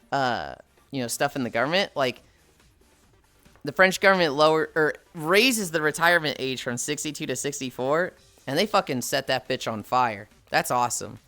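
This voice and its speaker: A livestreamer with a sharp, mid-range voice chats casually with viewers, reading chat aloud, answering it and ranting playfully with plenty of swearing. There's no room sound.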